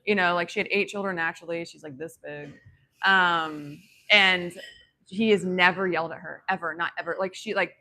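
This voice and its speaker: A woman's voice: fairly low pitch, steady tone, moderate pace, bright, forceful tone. A woman telling a personal story in a casual, rambling way, full of fillers and restarts, reflective and spiritual in tone. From grew up on a ranch.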